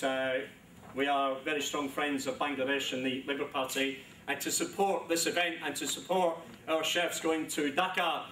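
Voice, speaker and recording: A man's voice: fairly high pitch, sharp tone, far from the mic, slight background noise. A man with a London accent giving a genial, rambling speech at a press launch, with many ums and asides. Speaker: government minister giving a speech. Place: large echoey event hall. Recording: echoey hall, speaker off-mic.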